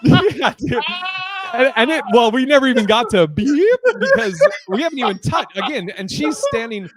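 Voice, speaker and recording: A man co-hosting a podcast, telling a story in a casual, animated way, swearing and laughing often. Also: very high voice, normal speed. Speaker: podcast co-host.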